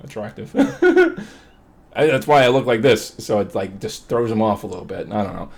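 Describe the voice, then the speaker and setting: A young man vlogging in a casual, rambling monologue, joking and swinging between loud outbursts and low mumbles. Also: fast talker, creaky.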